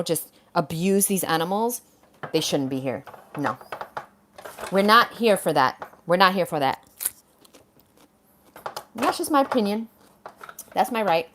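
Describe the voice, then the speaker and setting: A woman's voice: on the low side, a bit bright, slight background noise. Blunt woman ranting on a livestream. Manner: blunt, heated, swears freely; reads out and answers viewer comments. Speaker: livestream host. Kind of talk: casual livestream rant.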